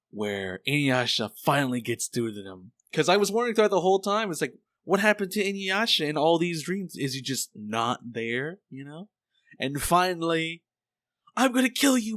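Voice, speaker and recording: A man co-hosting a casual podcast, animatedly retelling an anime episode and acting out the characters. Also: a little high. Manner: animated storytelling, acts out the characters' lines. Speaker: podcast co-host. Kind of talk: casual chat recapping an anime.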